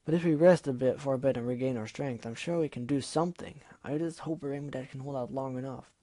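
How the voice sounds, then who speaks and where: A man's voice: mid-range voice, fast, mellow, dry recording, close to an everyday voice. A man voicing an earnest, bookish young female unicorn who speaks urgently and with worry.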